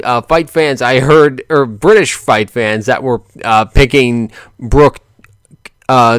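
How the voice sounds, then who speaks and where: A man's voice: a little high, fairly bright tone, no echo, studio quality. Rambling, joking man talking boxing. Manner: rambling, self-correcting, laughs often, joking. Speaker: boxing commentator vlogger. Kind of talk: casual commentary monologue.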